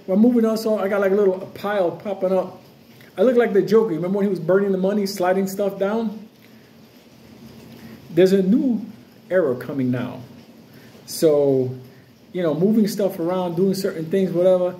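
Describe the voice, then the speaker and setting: A man's voice: high-pitched, moderate pace, long pauses, mellow, slight background noise. Profane swaggering New man ranting. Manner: profane, loose, swaggering, jumps between stories. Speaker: crypto vlogger. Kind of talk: casual unscripted rant to camera.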